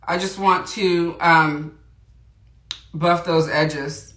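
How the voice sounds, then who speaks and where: A woman's voice: on the low side, fairly even intonation, drawn-out words, fairly bright tone. Chatty woman hosting a makeup livestream. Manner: chatty, greets viewers and reads comments aloud. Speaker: beauty livestream host. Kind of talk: casual makeup tutorial livestream. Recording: roomy echo.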